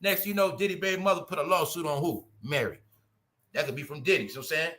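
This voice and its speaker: A man with a high, bright voice chats fast; he's from New York and hosts a commentary show. His casual celebrity gossip is animated, full of voice impressions, and he calls his audience "y'all."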